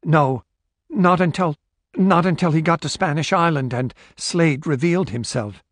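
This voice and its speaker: A male narrator raises his voice to play a terrified woman who begs and sobs through every answer. Her pleading is pitched above his own speaking voice, and the recording is close and dry. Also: normal speed, no room sound, close to an everyday voice. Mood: frightened. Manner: desperate, sobbing pleas.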